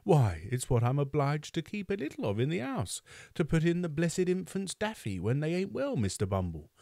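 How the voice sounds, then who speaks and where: A fawning, sugary-voiced nurse woman wheedles and flatters in a lifted, swooping voice, as a man reading aloud plays her. She sounds falsely humble and eager to please. The voice is close and dry, with no room around it. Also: on the high side, normal speed, gravelly, no room sound, pitched above the performer's own voice, heavily acted. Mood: wheedling. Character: fussy fawning middle-aged nurse woman.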